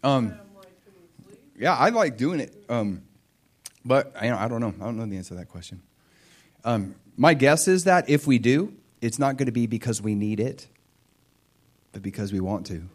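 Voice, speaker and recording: Animated man preaching a sermon. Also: mid-range voice, moderate pace, pauses often. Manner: animated storytelling, acts out voices of biblical figures. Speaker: pastor.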